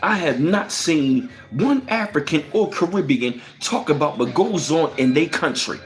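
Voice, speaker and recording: Animated, profane man ranting. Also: a little high, measured pace, soft background music. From United States. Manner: profane and emphatic, firing off rhetorical questions; reads out viewer chat comments. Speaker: livestream host. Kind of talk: heated livestream commentary.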